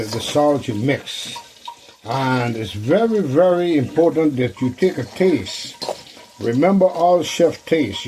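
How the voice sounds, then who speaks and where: A man's voice: medium pitch, a little mellow, a little hiss or hum, low-quality recording. A man hosting a casual cooking demonstration in his kitchen, chatting to viewers and repeating phrases as he works. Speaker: cooking show host.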